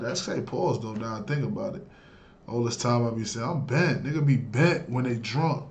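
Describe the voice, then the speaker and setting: A man's voice: medium pitch, normal speed. A man hosting a reaction video, casually riffing on slang with profanity and frequent laughter.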